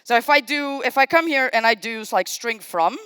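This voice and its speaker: A woman at a conference podium walks the room through code as she types, chatting and making self-deprecating jokes. Her voice is fairly high and swoops up and down with lots of life. The sound is clean and dry, with no room echo. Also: lively intonation, moderate pace, fairly bright tone, clear, resonant tone. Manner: thinks aloud while typing, talks to the audience. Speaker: conference speaker. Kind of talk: live-coding tech talk. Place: conference stage.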